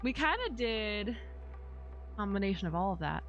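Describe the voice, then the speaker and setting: A woman's voice: medium pitch, sing-song, unhurried, dull audio, soft background music. A young woman streamer chatting casually, rambling with many fillers and restarts as she tells a story. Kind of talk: casual chat while streaming.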